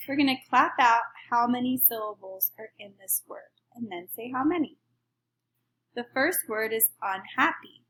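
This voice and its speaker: A woman teaching a phonics lesson, slowly and clearly stretching out each word as she counts its syllables. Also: a little high, a bit bright, poor audio. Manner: slow, clear, deliberate, stretching out words.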